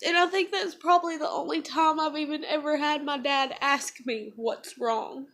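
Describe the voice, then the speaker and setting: High-voiced woman confiding emotionally. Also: fairly even intonation, normal speed, fairly bright tone. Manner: emotional, rambling, many fillers. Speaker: vlogger. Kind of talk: confessional vlog monologue.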